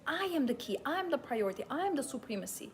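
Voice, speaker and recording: A woman's voice: sits high, very animated, fast, slight background noise. Passionate, emphatic young woman host. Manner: passionate, emphatic, self-assured. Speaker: host and femininity coach. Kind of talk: live-streamed motivational talk.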